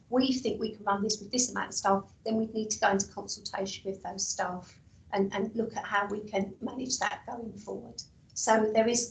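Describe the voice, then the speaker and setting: A woman council officer whose voice is going hoarse explains a process at a committee meeting. She talks haltingly, with repeats and fillers. She sits well back from the mic in an echoey room with faint background noise. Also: mid-range voice, distant mic. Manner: hesitant, repeats words, many fillers. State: losing her voice, coughing.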